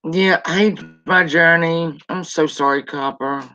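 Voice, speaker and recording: A middle-aged woman hosting a casual live stream, chatting warmly and greeting viewers by name. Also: sits low, unhurried. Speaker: livestream host. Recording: dull lo-fi stream audio.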